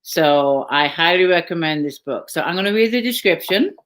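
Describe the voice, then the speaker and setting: Lady hosting a live chat, chatty, quick follow-ups, over a video call. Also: fairly low pitch, lively intonation, a bit bright. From England. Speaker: host.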